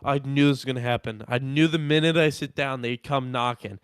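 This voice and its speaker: A young man co-hosting a podcast, telling a story in animated casual chat and acting out what people said. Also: medium pitch, brisk, smooth, no room sound. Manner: animated, acts out quotes of himself and others. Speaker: podcast co-host.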